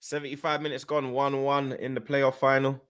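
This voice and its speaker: A man hosting a casual football live stream, reading viewer messages aloud and breaking into loud, brash shout-outs. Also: mid-range voice, level tone, normal speed, smooth.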